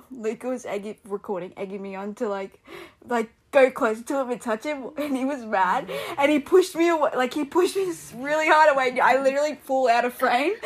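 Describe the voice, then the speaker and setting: A young woman telling a rambling story in casual chat, full of "like" and laughter. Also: fairly high pitch. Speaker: podcast co-host.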